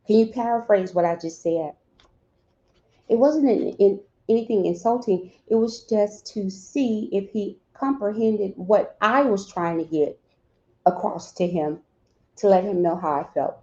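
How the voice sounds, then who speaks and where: A woman's voice: mid-range voice, measured pace, darkish tone, highs cut off. A woman speaking earnestly and directly to grieving parents, giving advice and acting out little dialogues between spouses. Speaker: grief counselor speaking to bereaved parents.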